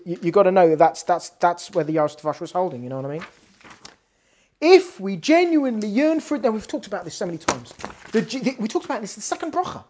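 Animated woman teaching Torah. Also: lowish voice. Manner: animated, emphatic, frequent restarts. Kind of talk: weekly lecture on prayer.

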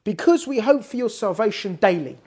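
A woman's voice: mid-range voice, animated, brisk, darkish tone. A woman giving a weekly Torah class on prayer, talking emphatically with frequent restarts. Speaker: Torah teacher.

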